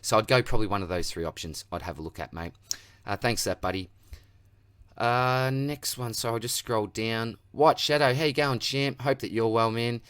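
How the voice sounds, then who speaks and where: An Australian man hosting a casual Q&A that answers viewer comments, with a relaxed, matey manner, calling everyone mate and buddy. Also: medium pitch, normal speed, clear, resonant tone, no echo. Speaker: fantasy football channel host.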